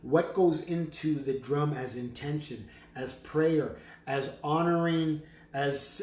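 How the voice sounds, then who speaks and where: A man making drums, talking slowly with prayerful, emphatic declarations and chanted words as he presents his drums in his studio. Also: on the high side, steady tone, darkish tone. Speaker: drum maker selling drums on a live stream. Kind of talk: live sales stream with spiritual talk. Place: studio full of drums and rattles. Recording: roomy studio with faint noise.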